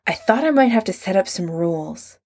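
A woman reading aloud, voicing a volatile young man who shouts and hisses in jealous anger. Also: medium pitch, animated, a little fast. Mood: hurt.

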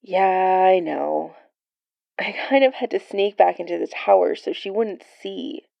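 A woman reading a story, voicing a weary, soft-spoken young man who talks in a tired, quiet, subdued way. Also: medium pitch, measured pace, vocal fry, no echo, lo-fi sound.

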